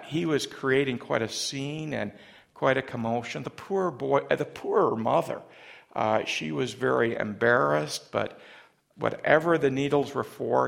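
A man preaching a sermon in a halting way, often repeating words as he starts a phrase. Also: medium pitch, vocal fry. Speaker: pastor.

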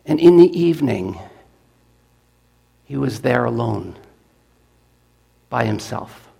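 A man preaching to his congregation, telling a story in a folksy, animated manner. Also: mid-range voice, slow pace, vocal fry, pauses often, breathy edge. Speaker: pastor. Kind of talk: storytelling sermon.

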